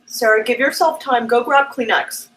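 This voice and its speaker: A woman interviewing a guest over a video call, speaking gently and reassuringly, at times tearful. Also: fairly high pitch, normal speed, a little hiss or hum, low-quality recording.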